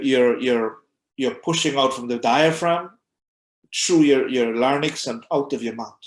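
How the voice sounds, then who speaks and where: A man, an imam, teaching a class in a conversational way, often repeating words as he goes and acting out short examples. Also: medium pitch. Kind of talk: conversational lecture. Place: mosque classroom. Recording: echoey room.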